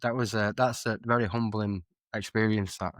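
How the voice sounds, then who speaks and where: A man's voice: lowish voice, steady tone, normal speed, a bit bright, dry recording. A young man, chatting casually as a podcast guest and telling rambling, self-correcting stories. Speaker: guest streamer and musician.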